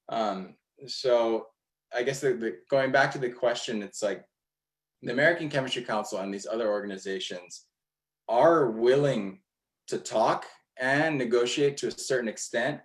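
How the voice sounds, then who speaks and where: A man's voice: medium pitch, moderate pace, rough recording. Rambling man in a casual panel talk. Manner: rambling, with many restarts and fillers. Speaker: environmental activist.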